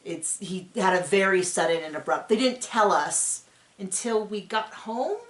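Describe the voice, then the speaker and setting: A woman hosting a casual reaction show. She talks in an animated, sarcastic way and often mimics people. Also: mid-range voice, measured pace. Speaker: podcast host recapping a reality show. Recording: roomy home room.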